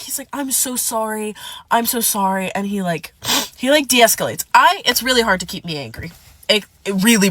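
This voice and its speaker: A woman's voice: lowish voice, a bit bright, no room sound. A woman telling a dramatic personal story, acting out quotes and swearing. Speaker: storyteller in a clip. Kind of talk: animated storytime.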